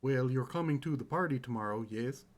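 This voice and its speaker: A man's voice: mid-range voice, a little fast. A man taking part as a player in a tabletop role-playing game, talking casually and nonchalantly. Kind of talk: tabletop role-play chat.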